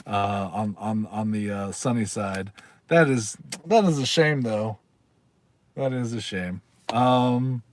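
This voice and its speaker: A man's voice: medium pitch, measured pace. A man hosting a casual livestream, rambling and reading aloud while chatting with viewers and laughing often. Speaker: livestream host. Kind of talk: casual live-stream chat.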